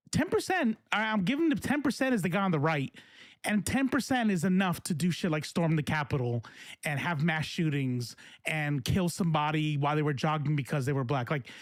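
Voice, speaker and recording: A man's voice: fairly high pitch, no room sound. A man on a close, dry mic, voice sitting a bit above the usual male range. He hosts a loose political commentary show and rambles, swears freely and restarts his sentences, filling gaps with "um" and "like". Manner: rambling, profane, many fillers and restarts. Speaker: host.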